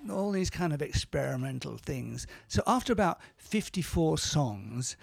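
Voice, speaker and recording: A man talking in a casual interview, telling stories in a halting, self-correcting way and acting out the quotes. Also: fairly high pitch, lively intonation, vocal fry, husky, soft background music. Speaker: interview guest, musician and producer. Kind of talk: casual storytelling in conversation.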